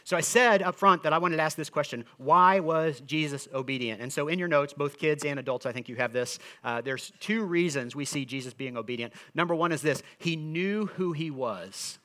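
A man's voice: a little high, moderate pace, hardly any pauses, pushed and bright. A middle-aged man, a pastor, giving an earnest, conversational sermon to a congregation. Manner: earnest, conversational preaching with frequent restarts.

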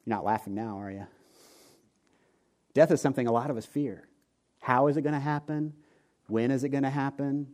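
A pastor in his forties preaches before a live congregation in church, mixing humorous storytelling into his sermon and joking conversationally with the audience directly. His mid-range, darkish voice is fairly even in intonation and fairly quick, broken by long pauses.

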